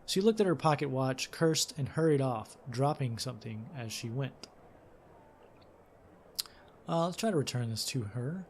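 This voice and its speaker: A man's voice: medium pitch, expressive, measured pace, long pauses, a little hiss or hum. A man hosting a let's play, reading game text aloud and commenting casually, with fillers and self-corrections.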